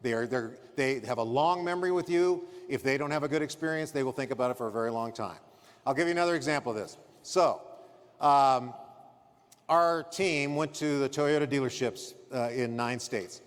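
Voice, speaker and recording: A man's voice: medium pitch, moderate pace, in a large hall. A man giving a motivational conference keynote in an emphatic, punchy way, acting out customer scenes. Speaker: keynote speaker. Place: conference stage.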